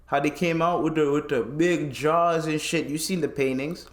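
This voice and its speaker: Young male podcaster, animated foul-mouthed solo rant, roomy sound. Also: a little high, moderate pace. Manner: profane, animated ranting with laughs. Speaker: podcast host.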